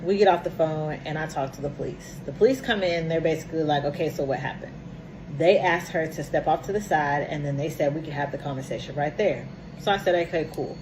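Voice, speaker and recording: A woman's voice: low voice, fast, few pauses, noisy background. A young woman casually recounting a story, emphatic and repeating herself for effect.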